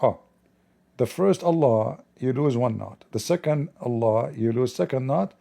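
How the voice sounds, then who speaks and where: Male livestream host, gravelly and dark, sarcastic and mocking, non-native English delivery. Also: mid-range voice, animated, measured pace. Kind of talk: livestreamed commentary.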